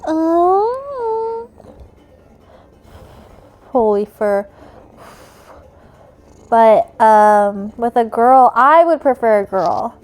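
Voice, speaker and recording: A young woman with a high voice chats casually on her stream, taking her time over each word. Now and then she coos to her cat in sing-song baby talk, and faint music plays behind her. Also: sing-song, very slow, pauses often, a little mellow.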